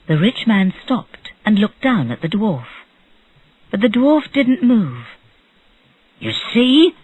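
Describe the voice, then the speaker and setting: Slow, breathy storybook narrator. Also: medium pitch, very animated, a little mellow, no room sound, poor audio. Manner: clear, measured storytelling. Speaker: audiobook narrator. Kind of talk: slow graded-reader narration.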